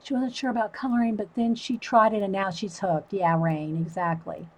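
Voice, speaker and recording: A woman's voice: mid-range voice, steady tone, moderate pace, a little mellow, low-quality recording. A woman hosting a live stream, chatting casually through a coloring demo and answering viewer comments.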